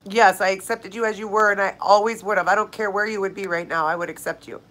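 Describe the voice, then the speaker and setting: A woman's voice: medium pitch, steady tone, fast, fairly bright tone, poor audio. A woman hosting a live viewer Q&A, talking casually and tearfully, speaking straight to viewers by name. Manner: emotional, heartfelt, speaks directly to viewers by name. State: tearful, crying. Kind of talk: casual live-stream chat.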